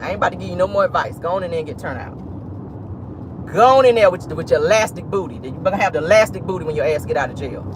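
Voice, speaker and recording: Brief: lively, bawdy gossip host talking from a car, street noise behind. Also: medium pitch, racing. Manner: animated, bawdy, laughing asides with "honey" and "child". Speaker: vlogger host. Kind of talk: casual celebrity-gossip commentary. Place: parked car. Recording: noisy car interior.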